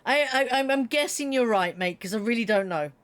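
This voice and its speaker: A woman's voice: a little high, expressive, brisk. A middle-aged woman streaming a game, chatting casually and giggling as she reads chat, with a slightly froggy throat. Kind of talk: casual live-stream chat while playing.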